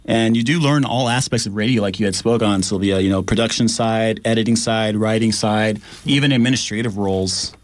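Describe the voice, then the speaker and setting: A man co-hosting a community radio show, telling his story in an animated, chatty way with plenty of fillers. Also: lowish voice, a little fast, few pauses, no room sound. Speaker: radio apprentice co-host. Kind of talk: casual radio chat. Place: radio studio.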